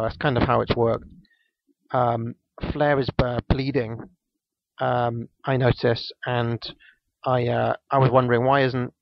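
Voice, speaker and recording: The wrestling recap continues from this podcast co-host, whose medium voice carries vocal fry with no echo. His casual account meanders with frequent ums and false starts, captured on a dull, dry, low-fidelity mic.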